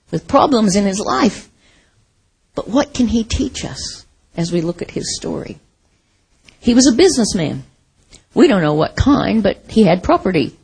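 Lively American woman preaching a sermon. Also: medium pitch, slightly rough, rough recording. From American Midwest. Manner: animated, conversational, laughs often, acts out quotes.

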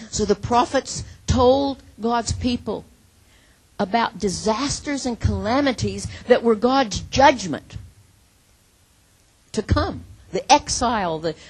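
A woman preaching a sermon in an earnest, emphatic way, acting out imagined prayers and dropping from loud to hushed. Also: fairly high pitch, breathy edge, poor audio.

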